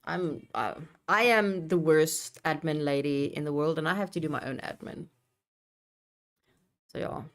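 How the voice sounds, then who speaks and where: A young woman livestreams while building a map, chatting loosely, reading her chat aloud, swearing casually, and poking fun at herself. Her voice is low, gravelly, and unhurried.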